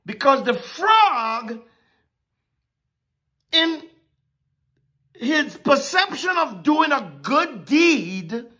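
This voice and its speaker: A woman preaching a sermon, emphatic and drawn-out with dramatic pauses. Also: sits high, bright, forceful tone.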